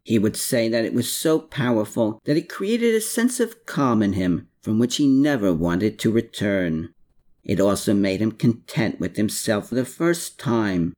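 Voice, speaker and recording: A man reading a novel aloud in a measured storytelling manner. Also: on the low side, lively intonation, a little mellow. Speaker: audiobook narrator. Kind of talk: scripted narration.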